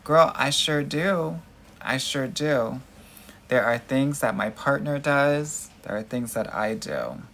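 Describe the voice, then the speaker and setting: A man's voice: medium pitch, animated, takes it slowly, a bit bright. Sassy man giving dating advice live. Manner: sassy and emphatic, calls viewers girl and honey. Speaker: dating coach hosting a live Q&A. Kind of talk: casual livestream chat answering viewer comments.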